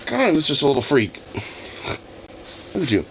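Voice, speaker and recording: A man's voice: medium pitch, huge pitch swings, moderate pace, fairly bright tone, a little hiss or hum, rough recording. A young man with a cold, casually talking to his dog in an exasperated, teasing way and swearing often. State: has a cold. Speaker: vlogger.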